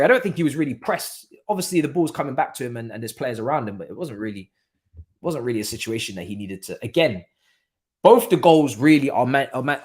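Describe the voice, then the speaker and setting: Man hosting a live watchalong. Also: mid-range voice. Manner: casual, bursts into excited exclamations at goals. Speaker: watchalong host. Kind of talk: live match watchalong commentary.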